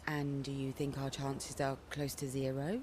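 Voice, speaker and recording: Calm game companion, low voice, mellow, measured. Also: female voice, husky, heavily acted. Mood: sober. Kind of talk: video game voice acting.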